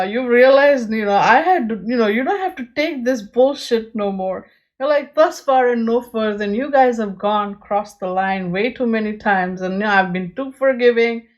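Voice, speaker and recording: With a mid-range voice, this woman speaks straight to her audience during a pick-a-card tarot reading, earnest in tone and sprinkling in many "you know"s.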